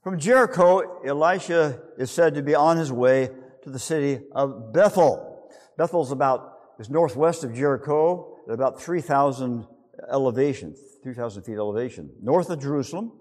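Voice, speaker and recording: A man's voice: medium pitch, moderate pace, darkish tone, big-room sound. A man preaching a sermon who reads scripture and retells it as a vivid story full of rhetorical questions. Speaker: pastor.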